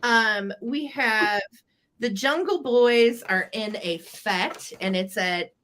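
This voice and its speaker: Giggly bright-voiced woman hosting a live sale. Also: on the high side, takes it slowly, slight background noise. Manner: giggly, animated, reads a children's book aloud. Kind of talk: casual live-stream selling chat.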